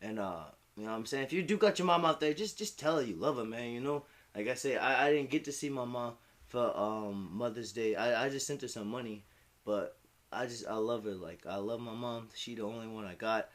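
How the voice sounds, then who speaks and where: A man's voice: mid-range voice, brisk. A young man in casual chat as a streamer, rambling, heartfelt and profane. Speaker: hip-hop commentary streamer.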